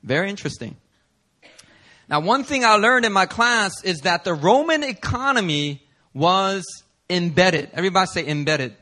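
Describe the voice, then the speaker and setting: Bright-voiced, emphatic male preacher. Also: high-pitched, sing-song, normal speed. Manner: earnest, emphatic, builds intensity with repetition. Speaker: pastor. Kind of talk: sermon.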